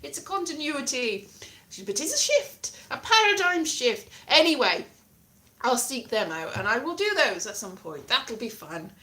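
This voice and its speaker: Woman host, playful rambler on a live stream, light bright voice. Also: sits high, sing-song, a little slow. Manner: chatty, playful, trails off and restarts. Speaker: livestream host. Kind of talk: casual rambling livestream chat.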